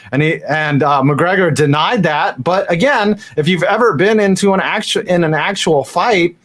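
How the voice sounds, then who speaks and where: A man hosting a casual sports chat, telling stories in a rambling, animated way. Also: on the high side. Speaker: host.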